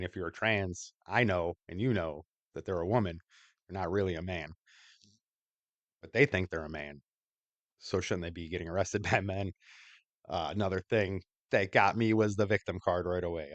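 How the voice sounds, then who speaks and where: A male podcast host with a very deep voice gives blunt, crude, opinionated commentary in a casual tone. The recording is dry and close, with no room echo. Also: a little fast. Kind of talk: casual commentary over clips.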